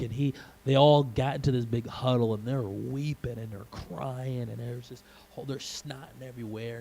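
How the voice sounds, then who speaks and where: A male pastor preaching a sermon in a church, telling the story in an animated way and acting out the scenes. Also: mid-range voice, vocal fry, slight background noise, rough recording.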